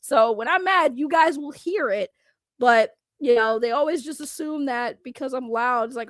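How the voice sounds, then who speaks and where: A woman from Boston ranting on a live stream, loud, blunt and sarcastic, laughing often. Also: high-pitched, normal speed, no echo. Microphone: computer microphone.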